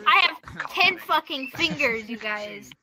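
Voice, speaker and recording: A woman's voice: high voice, animated, slow pace, a crowd in the background. A woman chatting with friends in a loose, emphatic way, swearing as she argues. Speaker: friend in group chat. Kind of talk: casual drunk chat.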